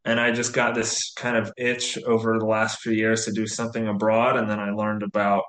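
A man's voice: fairly low pitch, fairly quick. Chatty man in an echoey room. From US, near Atlanta. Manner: relaxed, chatty, many fillers like "you know". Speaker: guest. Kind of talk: casual interview.

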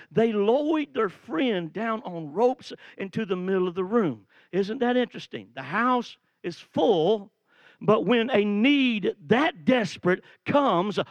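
A man preaching a sermon, telling a Bible story with animated energy and acting out the quoted lines, rising to shouts. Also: high-pitched, dry recording, dull audio.

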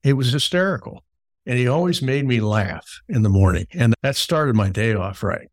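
Recorded cleanly in a studio with no room sound, this middle-aged podcast host speaks in an expressive, mid-range voice at normal speed. He's interviewing someone, telling long stories conversationally and repeating words as his sentences begin.

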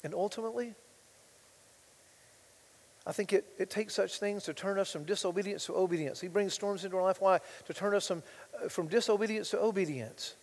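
A male pastor preaching a sermon, swinging between hushed asides and loud, impassioned passages, reading scripture aloud with rising intensity. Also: sits high, brisk, long reverb tail.

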